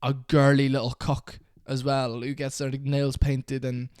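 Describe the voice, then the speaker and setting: A man's voice: medium pitch, completely flat delivery, measured pace, darkish tone, smooth, no room sound, studio quality. A young man in an angry, profane rant to camera about a fighter. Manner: heated, profane, repetitive. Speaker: MMA commentator.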